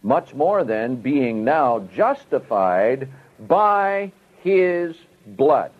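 A man preaches a sermon, teaching step by step and stressing key words emphatically with strong rises and falls. His medium-pitched voice is very animated with drawn-out words, and the audio sounds tinny, like a phone.

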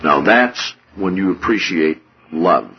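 A man preaching a sermon with a husky voice, swinging from hushed low passages to loud, high-pitched outbursts. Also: expressive, takes it slowly, lo-fi sound, a little hiss or hum.

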